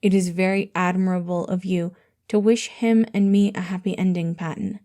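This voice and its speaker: Casting: a measured, soft-spoken king, read by a woman, mellow and deliberate. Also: fairly low pitch, close to an everyday voice. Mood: earnest. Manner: calm, formal and deliberate. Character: gentle, earnest young male king, measured and formal.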